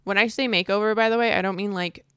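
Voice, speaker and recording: A young woman giving casual let's-play commentary, chatty and excitable, squealing at cute moments. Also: mid-range voice, fast talker, clean tone, no echo, clean studio sound. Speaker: gaming video creator.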